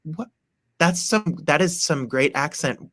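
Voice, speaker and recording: An eager male interview host with a bright, forceful tone, promoting the show and stumbling over restarts. The sound is dry and close, with no room around it. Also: medium pitch, normal speed, no echo. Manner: enthusiastic, promotional, stammering restarts. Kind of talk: interview hosting, online show.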